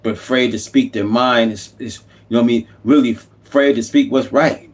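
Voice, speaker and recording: Male YouTube commentator, passionate sermon-like rant, average pitch. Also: fairly even intonation, moderate pace. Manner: impassioned, repetitive, preachy. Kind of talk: unscripted political monologue.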